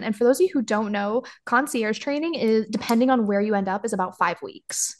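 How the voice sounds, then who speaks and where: A woman's voice: a little high, fast talker, hardly any pauses. A young adult woman co-hosting a casual podcast, telling her own story with wry, self-mocking humor. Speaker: podcast co-host.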